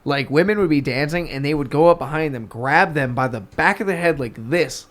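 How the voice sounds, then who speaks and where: A man's voice: fairly high pitch, a little fast, fairly bright tone. A young American man telling a travel story on a casual podcast, swearing often and laughing as he goes. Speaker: podcast guest.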